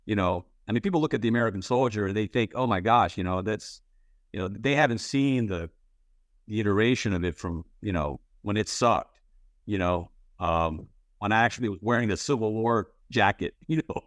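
Male interviewer, low voice, rambling and candid, dry close sound. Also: a little fast, dry recording. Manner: rambling, full of "you know" and restarts; candid, swears casually. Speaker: interviewer, playwright and actor. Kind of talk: casual interview talk.

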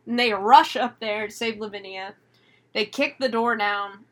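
A woman co-hosting a casual movie review, retelling the plot in an animated way and acting out the characters' lines. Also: mid-range voice, measured pace. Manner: animated retelling with laughs and acted-out quotes. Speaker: podcast co-host.

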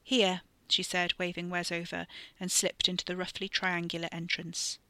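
A podcast storyteller reading a horror story in a steady, measured way, sometimes dropping into a whisper. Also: medium pitch, dry recording. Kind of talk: scripted narration of a horror story.

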